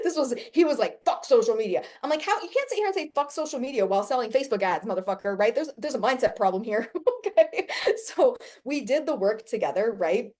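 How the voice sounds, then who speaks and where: A woman business coach in her thirties telling a story in casual talk, animated, swearing freely and laughing often. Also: medium pitch.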